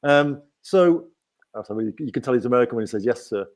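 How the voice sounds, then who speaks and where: This livestream host is an Englishman with a Nottingham accent, speaking quickly in a mid-range, slightly mellow voice with lively intonation. He rambles in a chatty way and keeps asking "right?".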